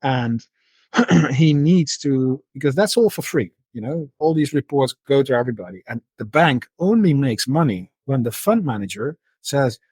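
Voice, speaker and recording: A middle-aged man with a husky, slightly breathy voice speaks as a podcast guest. He explains his ideas in a loose storytelling manner, stumbling over and repeating words as he goes. The recording is dry and close, with no room sound. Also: medium pitch, moderate pace, no room sound. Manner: repeats words and restarts often, relaxed storytelling. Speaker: podcast guest, market analyst. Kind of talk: conversational interview.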